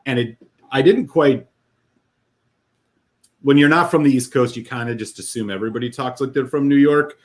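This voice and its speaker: A man's voice: medium pitch, moderate pace, pauses often. Easygoing man chatting. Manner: easygoing, laughs often, many fillers. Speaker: guest whisky reviewer. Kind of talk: casual chat.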